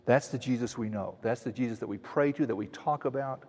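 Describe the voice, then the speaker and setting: A man preaching an expository sermon, earnestly teaching and slowing down to stress quoted verses. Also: mid-range voice, a little mellow, long reverb tail. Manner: earnest teaching, with frequent restarts and slow emphatic quotes. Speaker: pastor.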